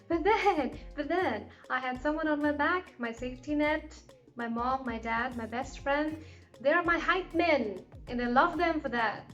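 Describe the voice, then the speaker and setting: Woman vlogger, high voice, friendly and rambling, talks to the viewer like a pal. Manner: chatty and encouraging, with lots of fillers and asides. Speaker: vlogger giving advice. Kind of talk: casual advice chat to camera.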